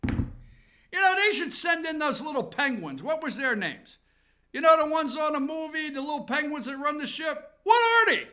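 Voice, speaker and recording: A man's voice: very high voice, sing-song, moderate pace, pushed and bright. A man hosting a comic headline countdown from an office, sarcastic, rambling and profane. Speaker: comedy news host.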